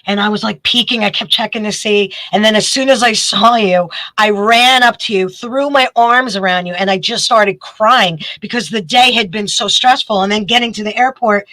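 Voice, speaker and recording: A woman, a guest telling a story in casual chat, animated and quick. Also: medium pitch, dry recording, poor audio. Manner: animated, quick storytelling with bursts of acted quotes.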